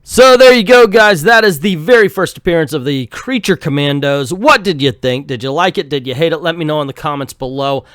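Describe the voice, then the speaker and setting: A man's voice: on the high side, expressive, fairly quick, hardly any pauses, fairly bright tone, no room sound, studio quality. A man reading through and reviewing an old comic book in a jokey, casual way.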